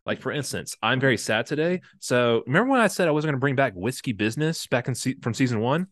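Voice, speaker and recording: A man's voice: medium pitch, lively intonation, fast talker, a bit bright, dry recording, studio quality. A young man co-hosting a casual podcast, joking and rambling with lots of fillers while tipsy from drinking. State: slightly drunk. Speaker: podcast co-host. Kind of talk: casual chat.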